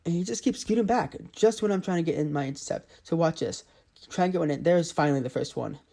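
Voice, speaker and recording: A man's voice: fairly high pitch, fast, creaky, mellow. A man giving casual play-by-play commentary over his own mobile game footage, often exasperated. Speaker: gaming channel host.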